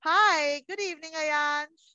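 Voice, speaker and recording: High, bright-voiced teacher on a video call. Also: female voice, takes it slowly, dry recording. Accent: Indian English. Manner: coaxing, affectionate, calls children darling. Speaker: pre-school teacher. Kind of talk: online class with young children. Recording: muffled video call audio.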